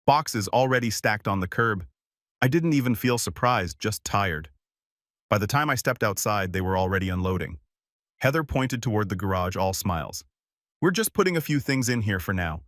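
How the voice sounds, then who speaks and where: A man giving a steady, measured first-person narration of a scripted story. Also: lowish voice, no echo, clean studio sound.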